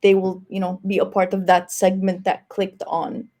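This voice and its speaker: A woman moderates a live webinar over a video call and passes along audience questions. Her voice has a gravelly edge and a mellow, relaxed tone. She talks casually, with many likes and you-knows. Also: mid-range voice, normal speed. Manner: casual, filler-heavy, says 'like' and 'you know'.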